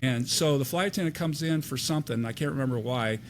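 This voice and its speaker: A man's voice: mid-range voice, quick pace, a little hiss or hum. An older man, a retired airline captain, telling stories in a casual podcast interview and acting out the dialogue. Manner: animated anecdote teller, acts out quoted dialogue.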